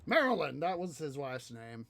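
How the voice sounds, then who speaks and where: A man's voice: on the high side, big pitch swings, normal speed, vocal fry, a bit bright, no room sound. A man hosting a city-building game video, musing aloud in rambling casual commentary full of fillers. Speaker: let's play host.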